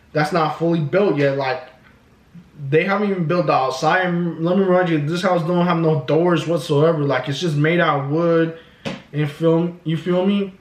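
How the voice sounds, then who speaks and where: A man telling a story in a casual, profane, filler-heavy way, filmed at home. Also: fairly high pitch. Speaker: vlogger. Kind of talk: storytime vlog. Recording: echoey room.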